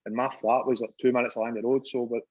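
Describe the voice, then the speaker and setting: A man's voice: medium pitch, racing, muffled recording. A middle-aged Scottish man, a former footballer, telling stories in casual chat, laughing and swearing often. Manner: laughing, swearing, animated anecdote-teller.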